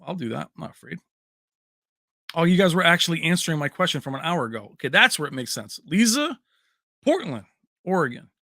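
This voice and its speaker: A man hosts a relaxed livestream, reading viewer comments aloud in a chatty, joking way. His voice sits a little high and sounds bright and forward. The sound is close and dry, with no room echo. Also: brisk, pauses often. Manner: chatty, reads names and places aloud, jokey. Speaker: livestream host.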